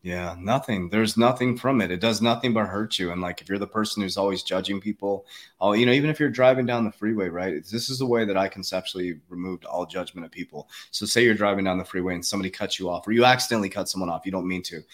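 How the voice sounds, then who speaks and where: A man with a very deep voice talks quickly in a casual chat. He speaks earnestly and with emphasis, stacking fillers and restarting his sentences.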